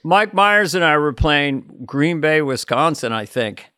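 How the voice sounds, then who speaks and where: A man's voice: fairly high pitch, lively intonation, unhurried, bright, forceful tone, clear, resonant tone, no echo, clean studio sound. An older man co-hosting a podcast, telling rambling comedy anecdotes in casual chat. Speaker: podcast co-host.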